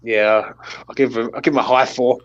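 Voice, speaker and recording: A man's voice: medium pitch, fairly even intonation, brisk, muffled recording, slight background noise. A man hosting a casual post-match chat, blunt and sweary as he leads the player ratings. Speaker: host of a football fan channel.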